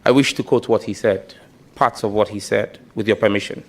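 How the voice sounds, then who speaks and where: A man's voice: on the low side, steady tone, a little fast. Man, nominee, formal testimony, emphatic, declarative, hearing room. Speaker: nominee answering a committee. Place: parliamentary committee hearing room.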